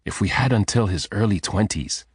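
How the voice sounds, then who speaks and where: A man's voice: fairly low pitch, moderate pace, breathy edge, dry recording, clean studio sound. A man voicing a desperate, grieving father who speaks in a tense, choked way. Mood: bitter anguish.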